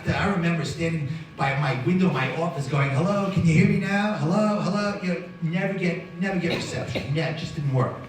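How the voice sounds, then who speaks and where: New guy telling a gripping story to a crowd, bit high voice, super echoey hall, mic far off. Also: a little hiss or hum. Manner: dramatic, vivid storytelling. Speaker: guest speaker. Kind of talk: storytelling talk to an audience. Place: hall with audience.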